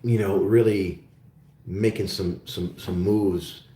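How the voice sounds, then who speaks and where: A man's voice: deep voice, fairly even intonation, takes it slowly, mellow, reverberant. A man from Germany hosting a casual live-stream chat with viewers, friendly and rambling, with many fillers and restarts. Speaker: show host.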